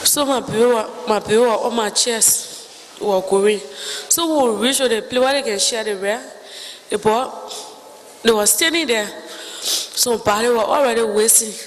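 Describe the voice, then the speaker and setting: A woman with a Liberian English accent giving spoken testimony in halting, broken phrases, acting out other people's words as she goes. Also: fairly high pitch, long reverb tail, slight background noise, rough recording.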